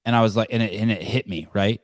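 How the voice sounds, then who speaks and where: Male podcast host, lowish voice, dry close sound, stammering casual delivery. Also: dry recording. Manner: halting, repeats words, swears casually. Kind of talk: casual call-in chat.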